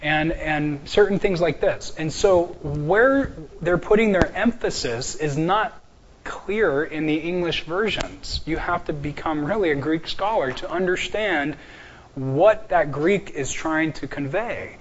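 A man teaching an apologetics class from slides, joking and slowing down to stress key words. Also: a little high, muffled recording, slight background noise.

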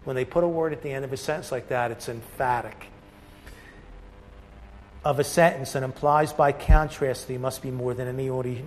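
A man's voice: mid-range voice, a little hiss or hum, poor audio. A man teaching a Bible study, reading passages aloud and breaking off to explain them in his own words, with restarts and asides.

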